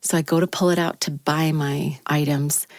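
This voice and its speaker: A woman on a radio talk show team telling a personal story in a studio, acting out the quoted lines with lively jumps in pitch. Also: moderate pace, dry recording.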